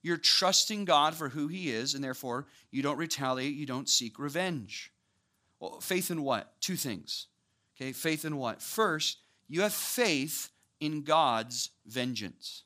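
A young man preaching a sermon to a church audience, talking conversationally and building to animated emphasis. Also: a little high, unhurried. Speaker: pastor.

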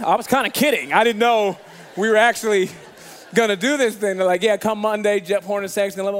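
A man preaching as a guest pastor, telling a funny story in a lively way and acting out the people in it. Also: a little fast. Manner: animated, acts out quoted voices with big pitch jumps. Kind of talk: storytelling sermon.

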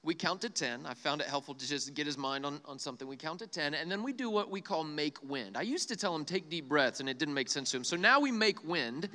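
A young man giving a retreat sermon, joking with the crowd and leading soft breathing prompts. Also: fairly high pitch, animated, quick pace, hardly any pauses, slight background noise. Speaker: youth speaker. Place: large hall with live audience. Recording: long hall reverb.

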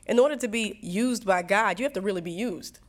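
An earnest woman from New Jersey speaks in a reflective, conversational way, often restarting her sentences and laughing between thoughts. Her voice sits at a middling pitch, and she sounds like an artist sitting for an interview. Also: a little fast. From New Jersey, USA. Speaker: interviewee, singer and songwriter.

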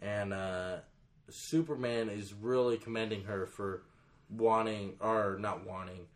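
A man's voice: on the low side, fairly even intonation, takes it slowly. A man in a casual chat, recapping a comic book story and reading lines aloud. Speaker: comic book discussion co-host.

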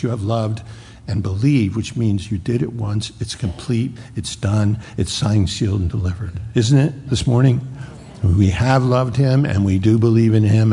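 A man preaching a sermon in a husky, gravelly voice of middling pitch. He speaks earnestly, leaning hard on key words and slowing down to stress them. The sound carries a long reverb, as from a large church hall. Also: warm tone. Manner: earnest, emphatic preaching with repeated words and slow, stressed phrases. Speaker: pastor.

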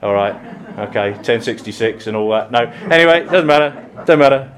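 Middle-aged English vicar, southern accent; relaxed, rambling sermon full of ums and restarts. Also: male voice, mid-range voice, fairly quick. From England. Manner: chatty, self-deprecating, many ums and restarts. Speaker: priest. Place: church.

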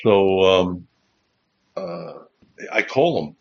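Man, chaplain host, rambling anecdotes, low husky voice, dull lo-fi audio. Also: very slow. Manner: rambling, restarts, chuckling as he recalls. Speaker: chaplain and host of a Bible livestream. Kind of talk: casual anecdotal storytelling.

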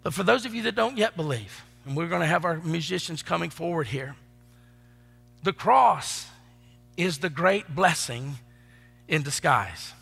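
A man preaching a sermon as pastor, swinging between loud emphatic declarations and hushed asides. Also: a little high, expressive, measured pace, vocal fry, breathy edge, long reverb tail, soft background music. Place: church sanctuary.

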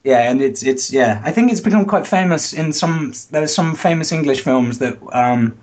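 A man's voice: fairly high pitch, lively intonation, normal speed, a little mellow. A man explaining things to his conversation partner in a casual, easygoing way, with frequent "um"s. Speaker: guest.

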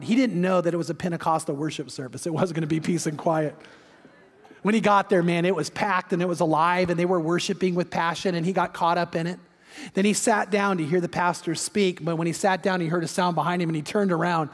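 A man preaching as pastor, telling a story with energy and briefly acting out the people in it. His voice sits high for a man. The sound carries a long reverb from a large hall. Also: brisk. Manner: energetic, acts out quoted voices. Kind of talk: sermon storytelling.

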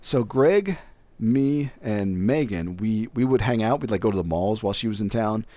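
A man's voice: lowish voice, moderate pace, no room sound. A young man telling a casual story, acting out other people's lines as he goes. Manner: animated, acts out other people's voices.

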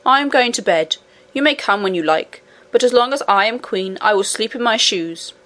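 A woman's voice: medium pitch, expressive, normal speed, pushed and bright. A woman voicing a stubborn, bossy goblin queen who speaks sulkily and domineeringly. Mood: triumphant. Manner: sulky, domineering.

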